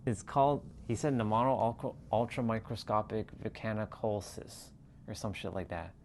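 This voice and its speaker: A man's voice: lowish voice, a little hiss or hum. A man hosting a livestream, chatting casually in a rambling, profane way and laughing often. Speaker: livestream host. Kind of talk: casual chat.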